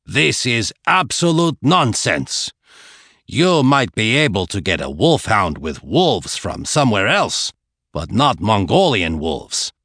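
A man doing a gruff old herdsman in his sixties, growling and scolding, lively swings in the voice, a dry close sound with no room around it, an audiobook character. The old man is stern and quick to anger. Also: fairly low pitch, dry recording, exaggerated voice. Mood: angry. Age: 60s.

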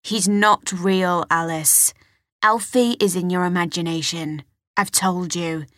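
A woman voicing a tired, evasive father in his forties, who speaks low and dismissively. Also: steady tone, slow, fairly bright tone, dry recording, studio quality. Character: weary middle-aged father, evasive and curt.

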